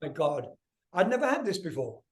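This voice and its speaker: A man's voice: fairly high pitch, brisk. An older man, a guest musician, telling stories in a casual interview, swearing freely and acting out other people's voices. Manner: animated, swears freely, acts out voices in anecdotes.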